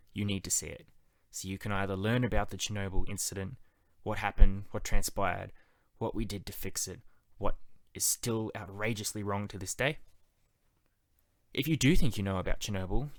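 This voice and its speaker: A man's voice: on the low side, no room sound. A man reviewing a TV series in a casual, enthusiastic, conversational monologue. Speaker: TV show reviewer.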